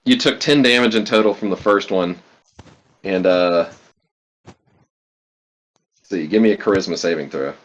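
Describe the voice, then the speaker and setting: Deep-voiced man running a tabletop game. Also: moderate pace, pauses often. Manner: laid-back, laughs often, fillers like "like" and "uh". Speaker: game master. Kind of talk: narrating a tabletop game, casual.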